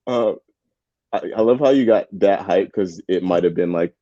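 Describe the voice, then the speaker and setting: A man's voice: deep voice, moderate pace, dark tone, dry recording, highs cut off. A man co-hosting a live match watchalong, chatting casually with slang and frequent laughs. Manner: laid-back, laughs often, slangy. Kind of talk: casual live-stream chat.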